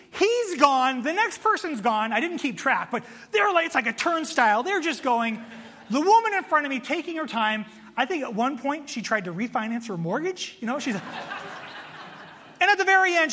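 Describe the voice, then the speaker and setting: High-voiced, animated pastor in a hall. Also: male voice. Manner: animated, self-mocking storyteller. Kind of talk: sermon with storytelling.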